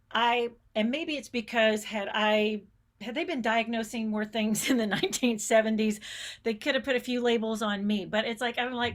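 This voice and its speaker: A woman's voice: a little high, fairly bright tone. A middle-aged woman giving a conference keynote, telling stories with enthusiasm and changing pace often. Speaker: keynote speaker, space educator. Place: conference stage.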